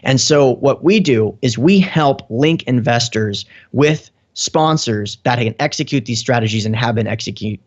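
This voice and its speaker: A man's voice: mid-range voice, lively intonation, moderate pace, few pauses. Podcast guest guy, mid voice, explains stuff at length, kinda muffled lo-fi sound. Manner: talks in long explanatory runs with fillers. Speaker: real estate investor guest. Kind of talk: casual interview chat.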